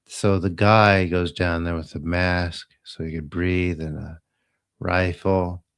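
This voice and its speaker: A man casually retelling old TV episodes in a slow, meandering way, trailing off into asides. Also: sits low, little pitch movement, a bit bright, clear, resonant tone. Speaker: host of a live healing stream. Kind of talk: rambling casual storytelling.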